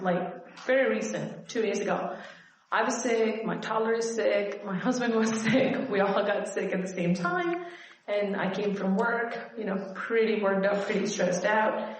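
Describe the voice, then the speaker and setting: A woman in her thirties, a workshop participant, telling a personal story in an earnest, tired, halting way with many fillers. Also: medium pitch. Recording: very echoey hall, faint noise.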